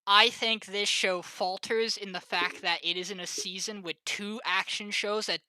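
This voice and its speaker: A man co-hosting a podcast stream, giving his opinion in a measured way and laying out his points in order. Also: high-pitched, steady tone, sharp tone, smooth, no room sound, low-quality recording. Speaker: podcast co-host. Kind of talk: casual chat, opinion.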